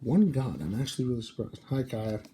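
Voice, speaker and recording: Over background noise, a sleepy man yawns while opening booster packs, muttering card names in an offhand way for a casual unboxing video. His mid-range voice is very animated and fairly quick.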